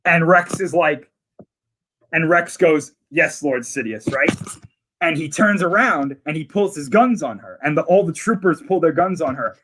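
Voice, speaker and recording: A man's voice: on the high side, normal speed, a bit bright, a little hiss or hum. A man in casual conversation, eagerly retelling scenes from a series in detail. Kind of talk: casual chat.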